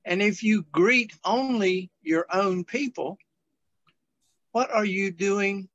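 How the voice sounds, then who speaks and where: A man in a study group reading scripture aloud over a remote call, slow and careful with small slips. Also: high-pitched, a bit bright, dry recording. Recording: dull lo-fi call audio.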